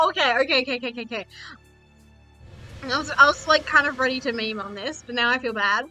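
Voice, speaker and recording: A woman's voice: sits high, fast talker, pauses often, pushed and bright, faint music behind, poor audio. A woman streaming a card game, chatting casually, swearing freely and making fun of herself. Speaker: VTuber streamer.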